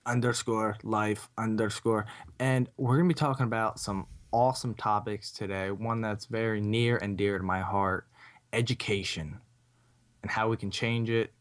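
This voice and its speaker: A man co-hosts a podcast in a lowish voice. He chats keenly and wanders a bit as he works out what he wants to say. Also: steady tone, moderate pace. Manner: enthusiastic, rambling. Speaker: podcast co-host. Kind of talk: casual podcast chat.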